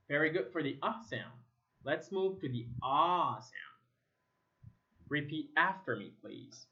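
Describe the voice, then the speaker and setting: A man from Egypt, a native Arabic speaker, teaching English pronunciation. He repeats single words slowly to contrast vowel sounds. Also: on the high side, lively intonation, sharp tone. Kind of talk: slow drilling of vowel sounds, repeat-after-me. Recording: slightly dull lo-fi sound.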